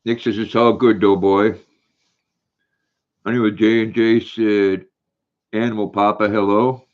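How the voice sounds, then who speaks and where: Older male livestream host, low and folksy, reading comments over muffled lo-fi audio. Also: level tone, unhurried. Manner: folksy, repeats words while reading chat aloud. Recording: dull lo-fi stream audio.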